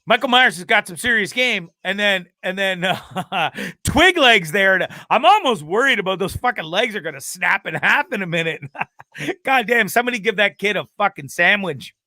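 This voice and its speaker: Profane ranting man, bright dry voice. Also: high-pitched, animated, moderate pace, no room sound. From Canada. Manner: profane, ranting and laughing often. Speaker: host of a live web show. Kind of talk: casual live-stream chat.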